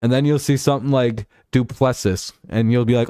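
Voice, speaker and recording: A man's voice: medium pitch, a little fast, warm tone, dry recording. A young man hosts his live stream in an easy, meandering chat, dropping curses as he reads viewers' messages. His voice sits in a middle range. The sound is dry and close, with no room around it.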